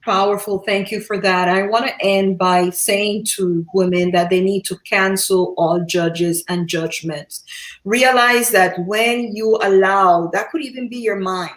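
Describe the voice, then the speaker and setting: A woman's voice: medium pitch, steady tone, unhurried. A woman moderating a panel, her voice carrying a roomy echo. She affirms the speakers, then gives her own advice in a firm way.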